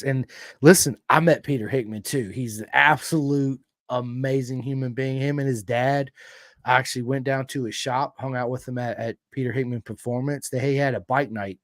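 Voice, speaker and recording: Excitable country-accented American man. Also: medium pitch, dry recording, studio quality. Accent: American Southern country. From United States. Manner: excitable storyteller, swears freely, big swings in energy. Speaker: podcast host. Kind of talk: casual chat.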